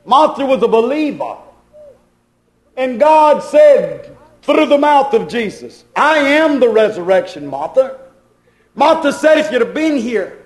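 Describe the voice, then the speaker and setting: High-voiced fervent preacher in echoey hall. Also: male voice. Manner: fervent preaching, rising and falling loudness. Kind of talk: sermon.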